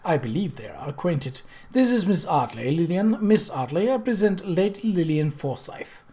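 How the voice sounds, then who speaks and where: A woman's voice: on the low side, lively intonation, normal speed, mellow, pitched above the performer's own voice, close to an everyday voice. A reader voicing a haughty, jealous aristocratic English lady with a silky, patronizing manner. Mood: amused, catty. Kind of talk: audiobook character voice.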